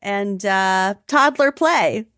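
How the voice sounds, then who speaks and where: A woman's voice: mid-range voice, animated, slow, fairly bright tone, smooth, dry recording, clean studio sound. A woman co-hosting a true crime podcast in a playful, joking, casual chat. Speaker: podcast co-host.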